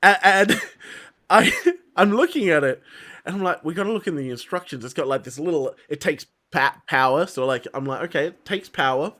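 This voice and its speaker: A man's voice: fairly high pitch, normal speed. A man, a podcast host telling a story in casual chat and laughing often. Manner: animated storyteller, laughs often, acts out his mum.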